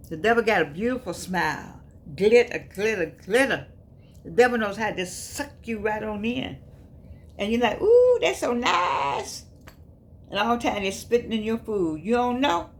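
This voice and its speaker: An older woman gives folksy, emphatic, preachy commentary, sometimes jumping into high exclamations. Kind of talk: casual spoken commentary.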